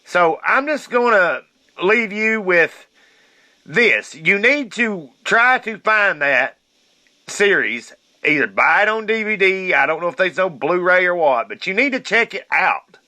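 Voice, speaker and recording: Male podcast host, fairly high voice, indignant ranter, dry close sound. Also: animated, measured pace, pushed and bright, no echo. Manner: indignant, fired-up ranting with cursing. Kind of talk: casual ranting monologue.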